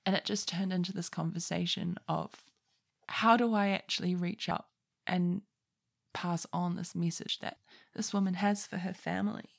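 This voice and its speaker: A woman's voice: on the low side, vocal fry. A young woman hosting a podcast in a casual solo monologue, rambling and chatty, often breaking off mid-sentence and laughing at herself. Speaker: podcast host.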